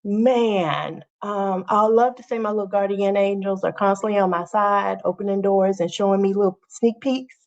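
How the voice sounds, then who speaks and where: A woman's voice: medium pitch, normal speed, hardly any pauses, dull audio. A woman, a teacher, chatting casually to viewers on her livestream and repeating phrases for emphasis.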